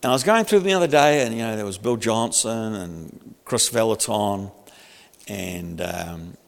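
An older man preaching a sermon in a lively, humorous, conversational way. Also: on the low side, moderate pace, creaky, long reverb tail. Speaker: pastor.

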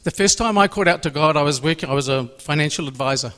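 Man, lay preacher, emotional testimony, somewhat high voice, long hall reverb. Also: fast talker, pushed and bright. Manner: earnest and emotional, repeats phrases. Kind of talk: personal faith testimony.

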